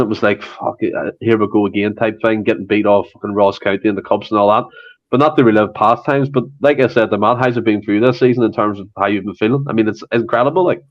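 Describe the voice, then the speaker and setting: A man hosting a casual podcast chat, chatty and animated, swearing now and then. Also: fairly low pitch, quick pace, muffled recording. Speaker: podcast host.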